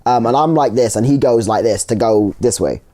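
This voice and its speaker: A young man, co-hosting a casual podcast and acting out a road story with lively retold lines. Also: medium pitch, a little fast. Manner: animated storytelling, acts out his own lines. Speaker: podcast co-host. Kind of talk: casual chat.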